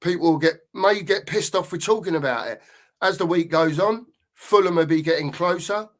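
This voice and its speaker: A man's voice: fairly high pitch, normal speed. A middle-aged man hosting a live football stream, ranting angrily and swearing, often repeating himself. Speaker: podcast host.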